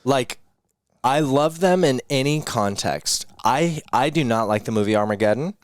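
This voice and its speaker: A man's voice: medium pitch, animated, normal speed, dry recording, studio quality. A man hosting a movie podcast who chats enthusiastically and keeps saying "dude". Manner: enthusiastic, says "dude" a lot. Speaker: podcast host. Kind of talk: casual chat.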